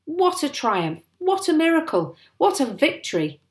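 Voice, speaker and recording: A woman reading aloud and voicing a tiny, excitable old male country doctor who gushes and exclaims. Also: medium pitch, measured pace, distant mic. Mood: overjoyed. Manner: exclamatory, gushing, hooting. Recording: roomy echo.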